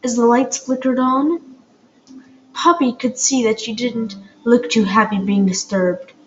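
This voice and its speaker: A woman's voice: a little high, unhurried. A woman reading an audiobook aloud, hesitant, with fillers and small slips, on a dull, lo-fi home recording with faint hiss. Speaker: audiobook reader. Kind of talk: amateur audiobook narration.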